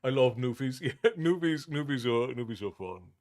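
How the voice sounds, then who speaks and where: Man, stream host, loose rambling chat with lots of restarts and chuckles, mid-pitched voice. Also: expressive, moderate pace, a little mellow. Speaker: livestream host. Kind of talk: casual chat with viewers.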